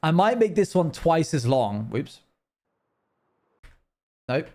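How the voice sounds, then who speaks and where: A man's voice: on the high side, very animated, slow, darkish tone. A young man chatting casually and rambling while he plays a game on a live stream, laughing now and then.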